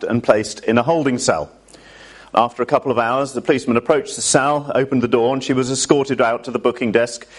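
A man preaching a sermon to a church congregation in a chatty way, often asking his listeners questions. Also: medium pitch.

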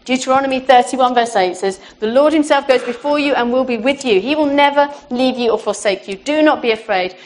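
A woman giving a heartfelt, conversational sermon to her church, often pausing to say "you know" and restarting her phrases. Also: high-pitched. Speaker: church speaker. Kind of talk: informal sermon.

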